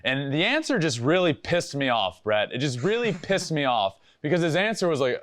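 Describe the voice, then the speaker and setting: A man hosting a casual sports chat show, animated and laughing often, acting out quotes. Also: a little high, brisk, hardly any pauses. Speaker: show host.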